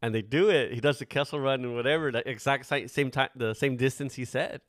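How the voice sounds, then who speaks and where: A man's voice: mid-range voice, brisk, dry recording, studio quality. A man in his forties, the host, chatting casually, rambling through stories and swearing often. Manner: laid-back, swears often, rambling storyteller. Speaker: podcast host. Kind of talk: casual chat.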